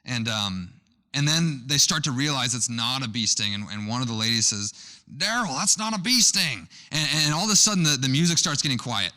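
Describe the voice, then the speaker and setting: A man's voice: mid-range voice, very animated, fairly quick, sharp tone. A young man preaching a sermon, telling a personal story in a conversational way with frequent restarts. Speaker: pastor.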